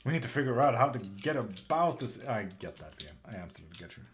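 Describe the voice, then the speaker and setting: A man's voice: medium pitch, very animated, fast. Male tarot streamer from Sweden, casual and a bit crude, room noise audible. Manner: swears casually, laughs often. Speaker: tarot reader on a live stream. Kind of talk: casual live-stream chat, reading viewer questions. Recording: clear background noise with keyboard clicks.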